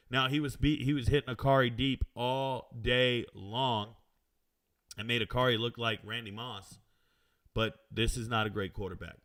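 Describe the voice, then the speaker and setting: A sports betting show host reads viewer comments aloud on a live stream and answers them brashly and self-assuredly, full of casual slang and chatty asides. His medium-pitched voice has a fairly bright tone.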